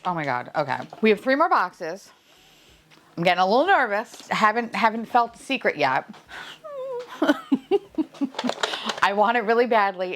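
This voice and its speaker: A woman's voice: low voice, slight background noise. A young adult woman chatting casually through a toy unboxing, gushing, gasping and swearing casually. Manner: gushing, gasps and squeals at each reveal, swears casually. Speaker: unboxing vlogger.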